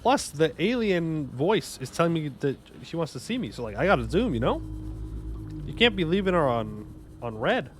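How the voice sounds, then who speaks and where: A man's voice: on the high side, very animated, normal speed, faint music behind. Joking young man streaming a game. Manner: joking, rambling, bantering with chat. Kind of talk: casual gaming livestream commentary.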